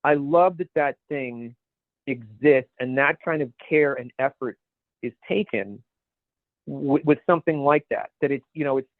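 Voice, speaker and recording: A man's voice: medium pitch, unhurried, no room sound. A man co-hosting a podcast in casual chat, rambling and searching for words as he goes. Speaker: podcast co-host. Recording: dry, phone-like narrow sound.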